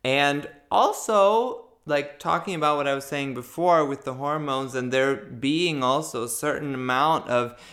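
A woman's voice: low-pitched, unhurried, few pauses, a bit bright. A woman author talking about her writing and then reading her own prose aloud, thoughtful and searching for words.

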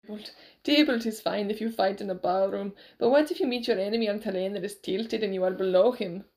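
A woman reading aloud, voicing a gruff, scoffing Scottish sword master who challenges his pupil. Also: medium pitch, brisk, darkish tone, lightly acted. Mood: challenging.

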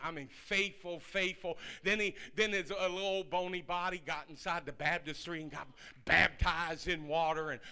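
Man, pastor, sermon, folksy storytelling, very bright tone, slightly high voice. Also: clean tone.

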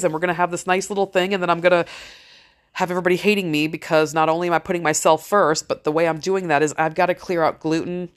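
A middle-aged woman talking in a frank, rambling, motivational monologue, swearing freely as she speaks to her listeners. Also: on the low side. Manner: blunt, heavy swearing, frank. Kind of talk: casual monologue.

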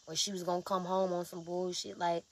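A woman's voice: on the low side, flat delivery, fairly quick, a little hiss or hum. A woman in an emotional confessional vlog, exhausted and sleepless, talking in raw, profane outpourings. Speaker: vlogger.

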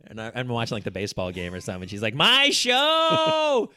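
A middle-aged man hosting a casual chat, telling family stories and acting out quotes loudly. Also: lowish voice, very fast, dry recording. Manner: animated storyteller, acts out quotes loudly. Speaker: podcast host.

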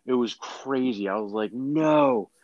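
Rambling, animated man telling a story. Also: medium pitch, a little slow, lo-fi sound, a loud crowd. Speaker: podcast co-host. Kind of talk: casual chat.

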